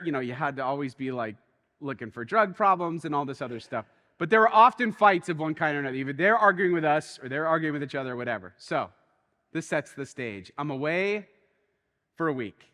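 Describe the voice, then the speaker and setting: A man preaches a sermon, his voice high and bright. He tells a story animatedly, dropping quiet and then rising with excitement. A long reverb from the church hall trails behind him. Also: fairly quick. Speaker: pastor.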